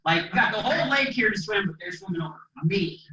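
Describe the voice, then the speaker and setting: A man from Minnesota giving an inspirational keynote speech as a motivational speaker, an animated storyteller who acts out the dialogue. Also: sits high, fast. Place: presentation hall. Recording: echoey hall, distant mic, dull sound.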